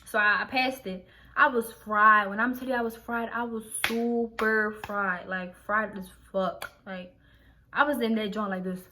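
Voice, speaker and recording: Bright-voiced young woman telling a story. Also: medium pitch, fairly even intonation, normal speed, a little hiss or hum. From Philadelphia, USA. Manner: slangy and profane, heavy use of "like", restarts sentences. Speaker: vlogger. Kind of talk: casual storytelling.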